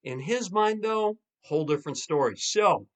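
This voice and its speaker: A man working as a pastor and marriage coach talks through a practical lesson in a relaxed, conversational way. His voice sits a little high for a man. He livens things up by acting out what husbands and wives say. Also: normal speed. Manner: animated, acts out quoted spouses. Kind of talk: casual teaching monologue.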